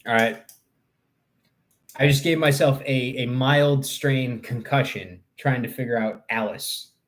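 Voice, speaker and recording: A man's voice: mid-range voice, a little slow. A young man chatting casually on a livestream, rambling and joking crudely as he answers his chat. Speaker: live streamer.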